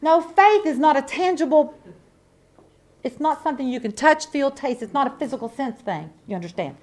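Woman, high pitch, preacher, sermon, emphatic, folksy, repetitive. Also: animated, normal speed. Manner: emphatic, repetitive preaching with swings from loud to soft; folksy, conversational asides to the congregation.

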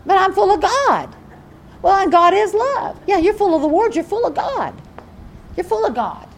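Animated high-voiced woman preaching. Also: normal speed, a little hiss or hum. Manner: animated, emphatic, repeats phrases. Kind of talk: sermon.

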